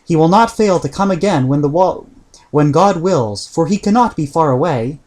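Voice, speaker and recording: A man voicing a gentle medieval noblewoman in an audiobook reading, speaking slowly and soothingly in archaic words. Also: on the high side, animated.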